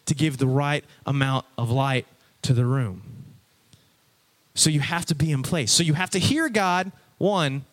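Guy preaching to a crowd from a stage, casual and animated, kinda high voice, plays out what people would say. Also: a little slow. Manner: animated, conversational, acts out listeners' reactions. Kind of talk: casual, lively sermon. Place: stage before a live audience.

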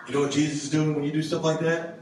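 Youth pastor, male, higher-pitched, playful, acts out voices; echoey hall, distant mic, noisy. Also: fast talker. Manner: animated, acts out voices and jokes. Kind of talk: lively youth sermon. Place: church youth service hall. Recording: echoey hall, mic from far off, background noise.

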